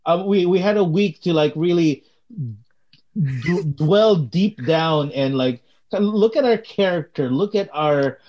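Halting man on lo-fi sound. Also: high voice, a little mellow. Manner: halting, full of restarts and fillers. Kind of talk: casual chat.

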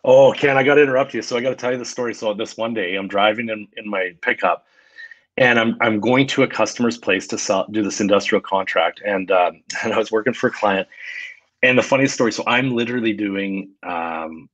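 A man guest telling motivational stories in a lively, casual interview. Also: on the low side, fairly quick, dry recording, lo-fi sound. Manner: energetic, motivational, tells stories.

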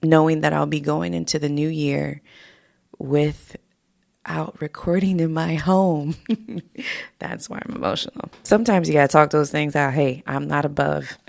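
Speaking at a normal pace, this podcast host has a low, slightly mellow voice with vocal fry and fairly even intonation. She talks in a heartfelt, mildly emotional way on her casual motivational show, laughing frequently. The audio is dry and clean, recorded on a podcast mic in a home studio.

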